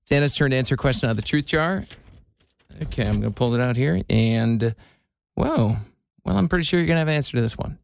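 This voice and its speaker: A man's voice: medium pitch, fast, gravelly, clean tone, no echo. A man hosting a talk show segment in casual chat, playful and leading the conversation. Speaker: radio show host.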